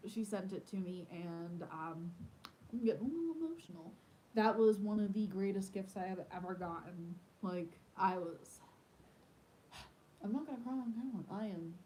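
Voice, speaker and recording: A woman talks casually to viewers on a live stream from her home. Her voice is mellow and warm, and she rambles along with plenty of fillers, sounding off the cuff. A faint rumble hums in the background. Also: low-quality recording. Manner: rambling and chatty, many fillers. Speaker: homesteader hosting a live stream. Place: at home in the evening.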